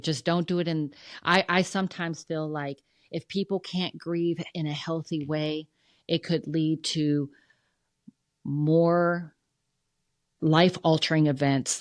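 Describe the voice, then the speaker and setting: A middle-aged woman from the United States talks candidly in a low voice, with feeling, and acts out the voices of the people in her story. The sound is close and dry, with no room echo. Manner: emotional, animated, acts out quoted dialogue. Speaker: podcast guest, funeral museum president.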